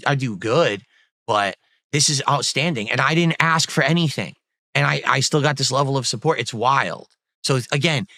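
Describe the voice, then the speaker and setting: Bright-voiced chatty male streamer. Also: fairly high pitch, no echo. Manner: effusive, rambling, thankful, swears casually. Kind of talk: casual livestream chat.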